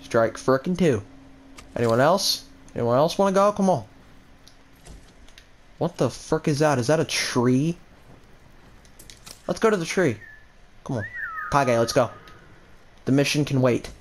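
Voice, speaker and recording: Excitable young man trash-talking a game. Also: medium pitch, measured pace, pauses often, a little hiss or hum. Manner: excitable, trash-talking, swaps in mild stand-in swears. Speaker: gaming channel host. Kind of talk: casual gameplay commentary.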